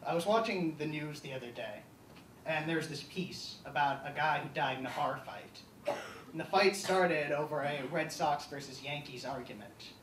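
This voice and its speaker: A young man doing a stand-up comedy set, deadpan and halting with many ums, on a live comedy stage. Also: on the high side, slight background noise. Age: young adult. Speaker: student stand-up comic. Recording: echoey hall, distant mic, audience laughter.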